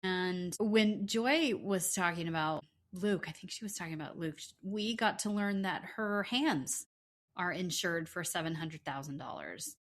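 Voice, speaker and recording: A woman co-hosting a podcast, casually recapping a reality show and readily agreeing with her partner. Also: fairly low pitch. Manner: agreeable, quick affirmations, recaps plot points. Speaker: podcast co-host.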